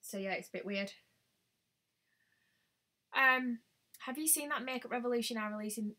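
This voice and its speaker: Bright-voiced chatty woman. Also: fairly high pitch, moderate pace. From United Kingdom. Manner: chatty, thinks aloud, exclaims often. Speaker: beauty vlogger. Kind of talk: casual live-stream chat.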